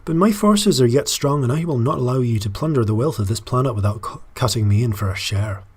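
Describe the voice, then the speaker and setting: A man voicing a proud, formal woman leader in a put-on Scottish accent, reading game dialogue aloud in measured diplomatic phrases. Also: mid-range voice, slightly rough, natural voice. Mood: formal, stern.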